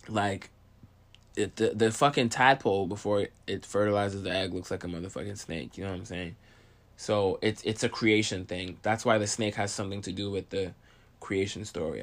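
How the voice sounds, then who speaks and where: A young man rambles to camera in a casual, profane monologue. He keeps asking "okay?" and sounds short of breath. His voice sits a little low. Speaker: video host.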